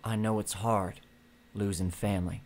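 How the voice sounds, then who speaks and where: Gruff terse texas ranger, a guy doing the voice, low clipped drawl. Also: steady tone, moderate pace, a little mellow, slight background noise, lightly acted. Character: gruff middle-aged male Texas Ranger, terse and guarded.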